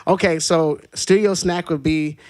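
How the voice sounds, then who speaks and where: A man hosting a casual podcast chat, telling stories in a lively way and laughing often. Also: fairly high pitch, a little slow. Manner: animated storyteller, laughs often. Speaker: podcast host.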